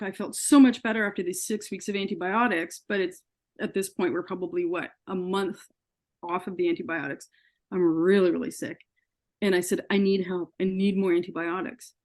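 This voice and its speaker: A woman's voice: mid-range voice, darkish tone. Earnest woman guest, retells her ordeal and voices the quoted dialogue. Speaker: interview guest. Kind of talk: personal story in an interview.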